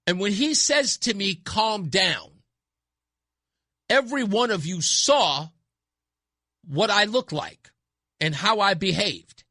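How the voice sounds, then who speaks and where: Guy hosting talk radio, opinionated monologue, dry close studio mic, pretty high voice. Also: animated, slow, long pauses, pushed and bright, no room sound. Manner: emphatic, blunt, conversational, repeats points for effect. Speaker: radio talk show host.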